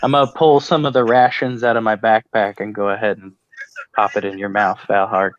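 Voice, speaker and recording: A man's voice: on the low side, level tone, brisk. A man playing in a tabletop game, chatting in an easygoing, laid-back way. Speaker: player. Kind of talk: casual tabletop game chat. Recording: dull dry lo-fi audio.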